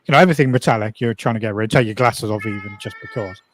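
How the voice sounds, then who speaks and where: A man in a casual group chat, telling animated stories and swearing freely. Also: on the low side, very fast, a little hiss or hum. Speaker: regular chat guest.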